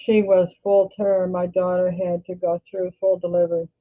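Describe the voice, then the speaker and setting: An older Canadian woman hosting a casual livestream, talking in a rambling, halting way and often restarting her sentences. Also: fairly low pitch, little pitch movement. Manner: rambling, halting, self-correcting. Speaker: livestream host. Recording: tinny phone-like sound.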